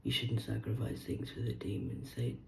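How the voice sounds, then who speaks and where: A woman in her forties, losing her voice, who rambles, swears and swings between loud bursts and hushed asides as she hosts a solo chat. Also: very deep voice, animated, moderate pace, creaky, reverberant, a little hiss or hum, rough recording. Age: 40s. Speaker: host. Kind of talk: rambling solo live chat reading aloud.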